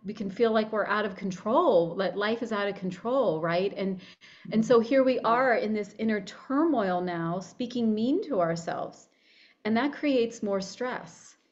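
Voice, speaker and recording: Woman, interview guest, body-image coach, animated, lots of restarts, mid pitch, slightly muffled recording. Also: a little slow. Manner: animated, acts out her inner voice, many restarts. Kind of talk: conversational interview.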